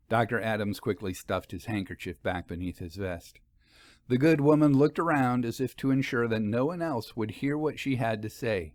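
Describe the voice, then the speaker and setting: A man reading a story aloud in an expressive, measured storytelling manner. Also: mid-range voice, no echo. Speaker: narrator. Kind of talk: audiobook story narration.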